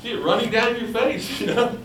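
A man's voice: very high-pitched, fairly quick, slight background noise. A man preaching a sermon, asking his listeners questions and acting out the voices of others. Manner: animated, asks the audience questions, acts out voices. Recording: roomy, from a distance, faint ambience.

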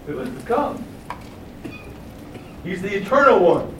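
A man preaching a sermon, asking rhetorical questions and booming out quoted acclamations. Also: big pitch swings, unhurried, long pauses, echoey room, recorded from a distance, a little hiss or hum, low-quality recording.

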